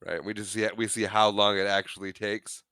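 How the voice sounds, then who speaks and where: A man recaps a film scene by scene in casual podcast chat, slipping into the characters' lines as he goes. His voice sits low but comes out bright and clean, recorded dry on a close mic. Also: little pitch movement, brisk, clean tone, no room sound. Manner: retells scenes acting out quotes. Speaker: podcast co-host.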